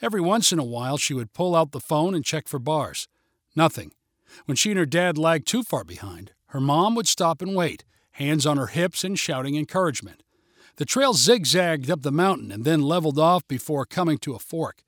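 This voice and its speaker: A man's voice: a little high, no room sound. Dry, close male storybook narrator. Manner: measured, even storytelling.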